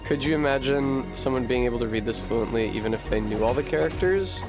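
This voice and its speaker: A man streaming a video game, chatting casually and thinking aloud to his viewers, swearing freely and getting animated. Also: mid-range voice, quick pace, music in the background. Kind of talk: casual live-stream chat while gaming.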